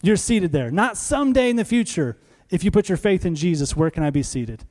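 A male pastor preaching a sermon in a conversational, animated way, acting out little scenes. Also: high voice, fairly quick.

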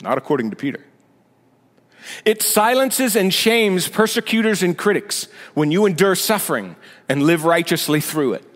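Very animated, with a high-sitting voice and a fairly bright tone, this male senior pastor moves at a moderate pace through a conversational sermon. Sarcasm punctuates his talk as he builds toward emphatic points, with long reverb from the large sanctuary.

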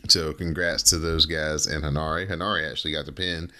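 A man's voice: extremely low pitch, steady tone, moderate pace, sharp tone. A man hosting a casual wrestling podcast, reading results and joking with his co-hosts in a laid-back way. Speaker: podcast host.

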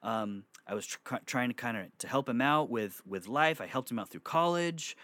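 A man's voice: mid-range voice, animated, normal speed, fairly bright tone, no room sound, close to an everyday voice. A man putting on the voice of a flustered middle-aged man on the phone, eager and stammering.

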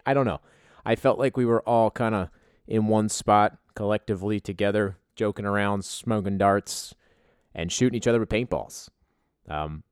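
A man's voice: fairly low pitch, no room sound. A young man hosting a casual podcast as a league commissioner, joking and swearing in a loose, rambling way from a home studio. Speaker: fantasy football league commissioner, podcast host. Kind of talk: casual profane podcast monologue.

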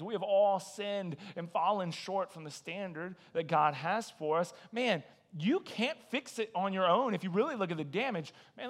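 A man preaching a sermon as a guest speaker, conversational and animated, telling stories with acted-out quotes and repeating "man" and "listen". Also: sits high.

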